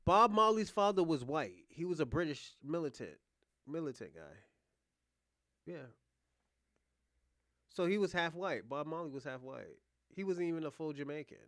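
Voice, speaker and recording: Speaking at a normal speed with long pauses, this male streamer from the US sounds very animated, his pitch fairly high and his tone fairly bright. He rambles through clip reactions, curses freely, and talks directly to his audience. The sound is dry and studio-clean.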